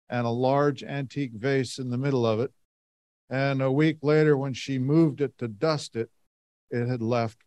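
A man's voice: mid-range voice, darkish tone, dry recording. A middle-aged man telling a long personal story to a church audience in a folksy, rambling way, full of "and, uh" fillers. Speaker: lay speaker giving a talk. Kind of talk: storytelling talk to a congregation.

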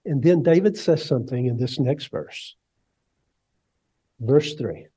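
A man preaching a sermon, swinging from hushed, low lines up to ringing cries, and leading the congregation in repeating phrases. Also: lively intonation, unhurried, husky. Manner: leads the congregation in call and response. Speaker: pastor.

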